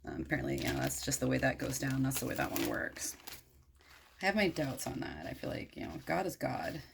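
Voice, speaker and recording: A woman with a deep, gravelly voice casually retelling a story while she works on a craft at home. She is irreverent and slangy, swears freely and drifts into asides. A faint noise sits under the voice. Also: huge pitch swings, a little fast.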